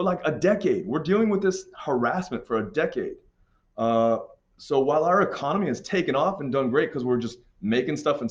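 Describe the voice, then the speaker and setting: A man explains a history assignment in a relaxed, chatty way, now and then slipping into silly put-on voices for countries. His voice sits at an ordinary middle pitch. The recording is a little dull and lo-fi. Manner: casual, joking, puts on silly accents for countries. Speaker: history teacher. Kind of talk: classroom lesson walkthrough.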